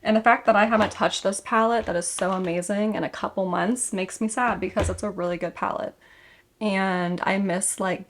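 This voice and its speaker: A woman's voice: fairly low pitch, gravelly. A young woman vlogger chatting casually through a makeup tutorial, rambling and correcting herself as she goes.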